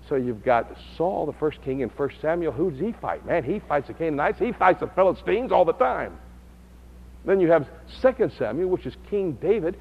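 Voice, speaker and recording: A man teaching a Bible study lesson, who builds to loud, high-pitched emphasis. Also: breathy edge, lo-fi sound.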